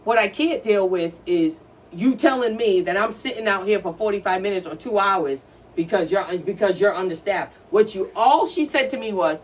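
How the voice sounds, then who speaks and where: A woman's voice: medium pitch, expressive, normal speed. A woman co-hosting a podcast, telling stories in a blunt, profane, ranting casual chat. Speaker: podcast co-host. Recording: distant from the mic.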